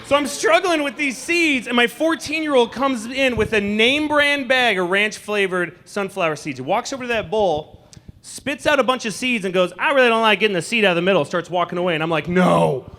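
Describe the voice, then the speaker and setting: A man in his forties doing a stand-up comedy set in a club, animated and acting out people with shouted asides. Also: sits high, fairly quick, slight background noise. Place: comedy club stage before a live audience.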